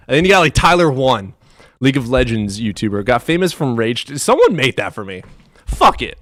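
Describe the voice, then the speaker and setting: A man from the US Midwest live streaming, chatting in a profane, animated way that swings between loud outbursts and low mutters. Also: fairly quick, dry recording, studio quality. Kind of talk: casual livestream chat.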